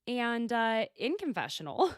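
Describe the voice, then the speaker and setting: A woman's voice: fairly high pitch, very animated, unhurried, dry recording, clean studio sound. A woman hosting a solo podcast, recapping a reality show in a chatty, sarcastic, gossipy way. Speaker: podcast host.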